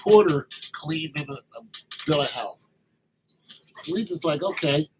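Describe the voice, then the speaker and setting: A man in his late fifties telling a story from his army days in a casual, animated way, acting out the other people's lines. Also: on the high side, a little slow, slight background noise, poor audio. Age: 50s. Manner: animated, acts out quoted dialogue.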